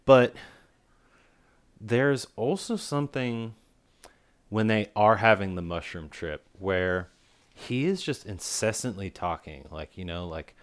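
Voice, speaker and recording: A man with a fairly low voice co-hosts a casual film review podcast. He rambles and circles his points with plenty of fillers. He gets animated as an argument lands. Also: takes it slowly, smooth.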